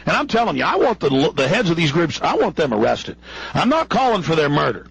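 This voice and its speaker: A male radio host growls out an angry rant that builds into shouting. His voice is intensely gravelly and raspy, set a bit high. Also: huge pitch swings, a little fast, no echo, low-quality recording. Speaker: radio talk show host.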